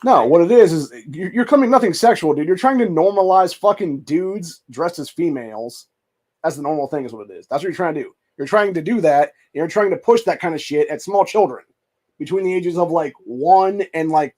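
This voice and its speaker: A man's voice: a little high, expressive, a little fast, a little mellow. A man hosting a political commentary show, reacting to clips with a profane, contemptuous rant. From United States. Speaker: host.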